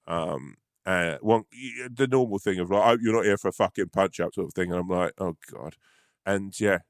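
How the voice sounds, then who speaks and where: A low-pitched man from London tells a long anecdote in loose, casual chat. He swears freely and stumbles through restarts as he goes, and the sound is close and dry with no room around it. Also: dry recording. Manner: rambling storyteller, swears freely, many restarts. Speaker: podcast co-host.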